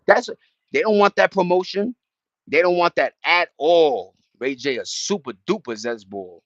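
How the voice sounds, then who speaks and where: Rambling, slangy young man, higher voice. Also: expressive, normal speed, fairly bright tone, dry recording. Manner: rambling, slangy, full of restarts. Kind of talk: casual chat. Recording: dull dry lo-fi sound.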